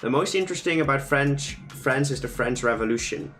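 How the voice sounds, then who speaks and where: A man's voice: mid-range voice, lively intonation, fairly quick, fairly bright tone, faint music behind. A young man casually chatting and joking with his chat as he draws live. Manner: playful, joking, reads chat aloud. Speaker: streamer drawing fan creatures live. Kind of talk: casual livestream chat while drawing.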